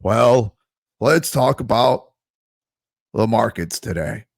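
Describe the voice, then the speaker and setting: A man mimicking a slow, self-important male crypto video host who drones in a flat monotone. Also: low voice, vocal fry, breathy edge, no room sound, studio quality, voice pushed down, exaggerated voice. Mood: droning.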